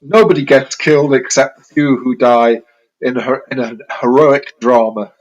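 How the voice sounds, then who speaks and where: A man speaking as a talk show guest, measured and earnest. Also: mid-range voice, steady tone, highs cut off. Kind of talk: interview talk.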